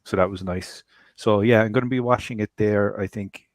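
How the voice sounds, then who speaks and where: A man on a casual group video chat, excited and casual, swearing now and then. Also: on the low side, moderate pace, no echo. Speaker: podcast guest.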